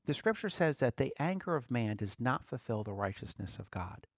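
A man giving conversational Bible teaching as a preacher, relaxed, laughing lightly and repeating key phrases. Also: medium pitch, normal speed, no echo, clean studio sound.

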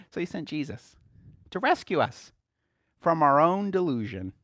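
A man's voice: a little high, fairly bright tone. A male preacher teaching a sermon to a small group, asking rhetorical questions and chuckling often as he talks.

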